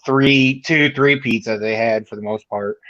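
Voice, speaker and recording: A man's voice: medium pitch, fairly even intonation, unhurried, fairly bright tone. Rambling man on a muffled call. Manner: opinionated, talks in long rambling sentences. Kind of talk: casual chat on a live stream. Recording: dull, muffled call audio.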